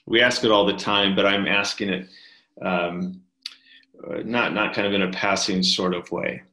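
A man giving a sermon as a pastor, talking in a slow, gentle, reflective way with many fillers and pauses. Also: sits low, steady tone. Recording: echoey room.

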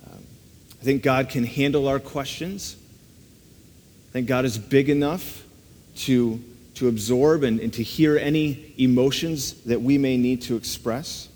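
A man delivers a sermon at an ordinary pitch, earnest and conversational, often pausing on rhetorical questions. His voice rings with the long reverb of a large hall. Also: darkish tone. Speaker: preacher.

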